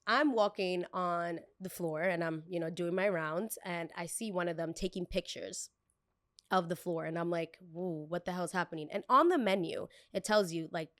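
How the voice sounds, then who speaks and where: A young woman hosting a podcast, telling a work story in a chatty, animated way and acting out the people in it. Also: fairly low pitch, normal speed, no room sound, studio quality. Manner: chatty, animated, acts out every voice in the story, curses freely. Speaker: podcast host. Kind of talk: casual storytelling.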